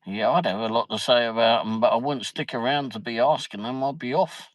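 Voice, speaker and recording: A man telling a rambling anecdote on his live stream, chuckling as he goes and leaning on mild slang. His voice sits at an ordinary middle pitch. The sound is close and dry, with no room around it. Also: a little fast, no echo, rough recording. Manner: rambling, laughs often, peppers speech with "flipping". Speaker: livestream host. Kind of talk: casual chat, anecdote.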